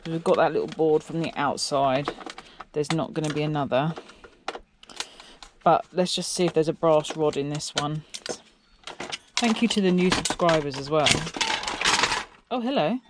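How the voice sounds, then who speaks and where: Breaking down electronics, an English woman who makes scrapping videos chats in a rambling fashion and asks her viewers things. Her tone is low and steady, her pace moderate, and the background is noisy.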